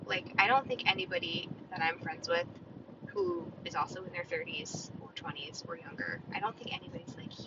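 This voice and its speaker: A woman's voice: lowish voice, animated, a little fast. A woman in her thirties hosting a solo podcast outdoors by a parking lot. She talks in a chatty, opinionated ramble, full of "like" and "right?". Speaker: podcast host. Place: parked outdoors near a store parking lot, car or street sounds behind. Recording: dull lo-fi sound with clear traffic noise.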